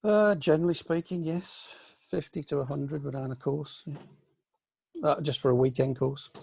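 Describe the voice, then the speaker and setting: Older man, mellow husky voice, reflective. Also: fairly high pitch, fairly even intonation, moderate pace, no echo. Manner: reflective, rambling, many ums and restarts. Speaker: senior aikido teacher answering questions. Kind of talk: casual online Q&A. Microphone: video call.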